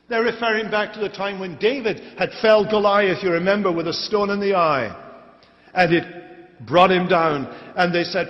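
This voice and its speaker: High-voiced male preacher, emphatic, repeats phrases to drive them home; dull lo-fi tape with long church reverb. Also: expressive, moderate pace. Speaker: pastor. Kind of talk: expository sermon. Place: church sanctuary.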